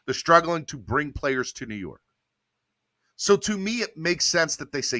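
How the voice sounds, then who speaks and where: Male podcast host, casual sports chat, rambling, forceful bright tone, dry close sound. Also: mid-range voice, normal speed, dry recording. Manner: animated, rambling with restarts.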